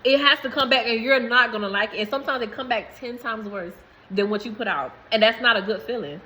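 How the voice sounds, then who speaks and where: Bright-voiced woman rambling to camera. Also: a little high, fairly quick, low-quality recording. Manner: rambling, repeats herself, laughs between phrases. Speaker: vlogger. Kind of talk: casual spiritual talk to camera.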